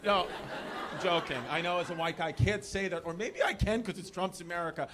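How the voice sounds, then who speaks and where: High-voiced New comic on stage. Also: male voice, brisk. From New York. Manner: rambling, self-deprecating, teasing the crowd. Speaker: stand-up comedian. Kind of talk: live stand-up comedy. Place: comedy club stage. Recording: live club, loud audience and room noise.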